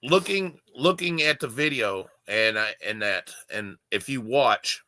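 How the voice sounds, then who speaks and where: Male video host, casual heated commentary, bright tone, dry close mic. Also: on the low side, animated, measured pace, no room sound. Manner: emphatic, indignant, doting with his dog.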